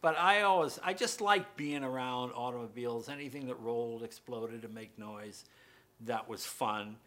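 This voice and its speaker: A man from rural New England telling lively, jokey anecdotes as a guest, often laughing as he goes. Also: medium pitch, moderate pace. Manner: lively, jokey, laughs through his stories. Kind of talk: casual anecdotal storytelling.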